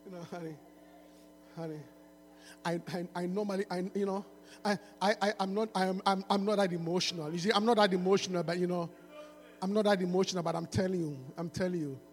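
A man's voice: sits high, steady tone, fast talker, voice pushed down, lightly acted. A preacher acting out a hesitant young man sweet-talking a woman, stumbling over his words in a reverberant hall. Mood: pleading. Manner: hesitant, stammering, coaxing.

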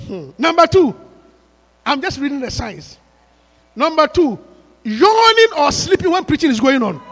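A pastor preaching a sermon to his congregation, emphatic and repetitive, with sudden rising shouts. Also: very high voice, very animated, a little slow. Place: church sanctuary. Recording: reverberant church hall.

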